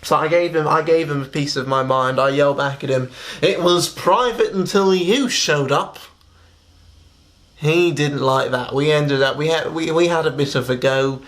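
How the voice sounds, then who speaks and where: Male comic, mid-range voice, tells a story to camera in a halting, falsely earnest way. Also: medium pitch, steady tone. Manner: halting, stammering, many restarts. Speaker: comedian telling a story to camera. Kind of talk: mock-serious comic monologue.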